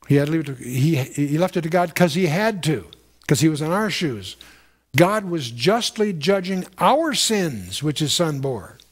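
A man's voice: a little high, sing-song, normal speed, breathy edge. A man giving a conversational, verse-by-verse Bible teaching, stressing points and repeating phrases, lifting his voice when reading scripture.

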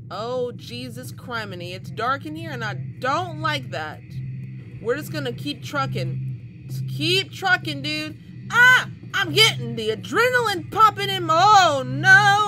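A woman's voice: high voice, background noise. A young woman giving let's play commentary on horror games who swears a lot and shrieks at scares. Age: young adult. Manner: jumpy and profane, shrieking at scares. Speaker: gaming video creator.

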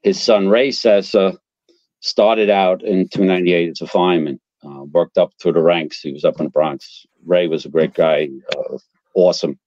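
A man, a guest fire captain telling animated, profane stories and acting out quotes. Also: low-pitched, normal speed, dry recording, highs cut off. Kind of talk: casual storytelling.

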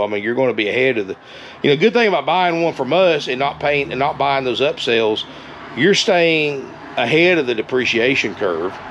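A man giving a casual, folksy sales pitch for an RV, repeating himself and calling viewers "guys". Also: fairly bright tone, highs cut off, slight background noise. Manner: folksy, repetitive, keeps saying "guys".

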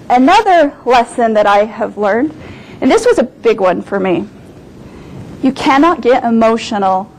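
Middle-aged woman guest speaker, kinda high voice, animated storyteller, keeps repeating her point. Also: a little hiss or hum, poor audio. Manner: emphatic, repeats points for stress. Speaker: guest speaker, business owner. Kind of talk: lecture with personal stories.

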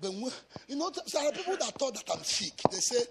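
A man from Africa preaching a sermon as a pastor, shouting in a sing-song chant with bursts of speaking in tongues. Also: very high voice, big pitch swings, fast, creaky, heavy background noise. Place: church.

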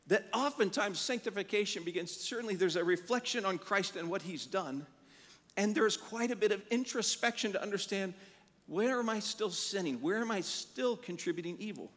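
A man preaching a sermon as pastor, telling animated stories and acting out the quotes in them. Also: high-pitched, long reverb tail. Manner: animated storytelling with acted-out quotes. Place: church sanctuary.

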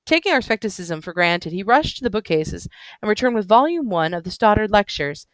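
Lady teacher reading a novel out loud + explaining, smooth clear voice, keeps tripping on words, dry sound. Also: mid-range voice, very animated, brisk, dry recording. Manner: stumbles over words and apologizes.

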